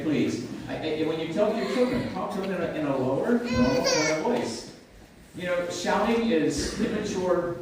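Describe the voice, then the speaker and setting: An older man preaching a sermon in a church, speaking conversationally with frequent halting restarts. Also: a little high, noisy background. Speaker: pastor. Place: church sanctuary. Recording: echoey church livestream from far off.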